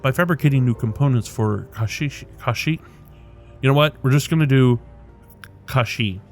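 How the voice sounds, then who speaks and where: A man's voice: mid-range voice, a little mellow, soft background music, natural voice. A man reading as a cultured, polite engineer. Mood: polite, measured. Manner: polite, measured, unhurried. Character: cultured, pleasant middle-aged man, calm drone engineer.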